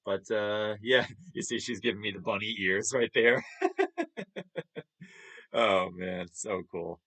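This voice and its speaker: A man's voice: fairly low pitch, slow pace, sharp tone. Chuckling New man. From New York. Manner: chatty, chuckles often, upbeat. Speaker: streamer. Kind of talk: casual chat over photos.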